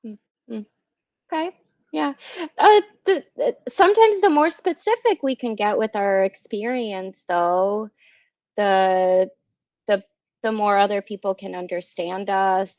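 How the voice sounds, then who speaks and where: A woman's voice: mid-range voice, dry recording. A woman psychologist speaks on a podcast, reflective and explanatory. She checks in with "right?" as she goes. Her voice is dry and close, with slightly dull, lo-fi audio. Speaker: psychologist guest. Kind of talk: casual podcast conversation.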